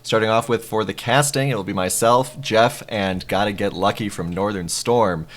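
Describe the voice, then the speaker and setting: A man's voice: lowish voice, normal speed, slight background noise. A man opening an esports broadcast as caster, introducing each member of the crew with announcer energy. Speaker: play-by-play caster.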